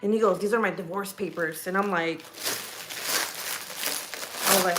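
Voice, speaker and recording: A woman's voice: mid-range voice, moderate pace, long pauses, noisy background. A woman vlogger telling a gossipy story from home, casual and rambling, swearing often and restarting her sentences. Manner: profane, rambling, animated storytelling.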